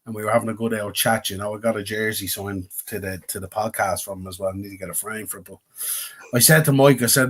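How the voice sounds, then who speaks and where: A man's voice: lowish voice, fairly even intonation, quick pace, breathy edge. A man with an Irish accent, co-hosting a podcast in casual chat. He talks in a rambling, reflective way, with many fillers. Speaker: podcast co-host.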